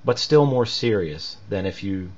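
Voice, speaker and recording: A man's voice: lowish voice, lively intonation, measured pace, a little mellow, lo-fi sound. A man teaching a recorded music lesson, explaining patiently with many fillers between demonstrations.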